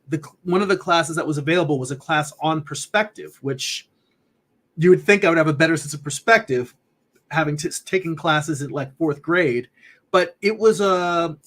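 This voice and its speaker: A man casually chatting on a livestream as an artist, laughing easily and reading viewer comments aloud. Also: fairly high pitch. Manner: relaxed, rambling, laughs often, reads chat comments aloud. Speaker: artist streamer answering chat.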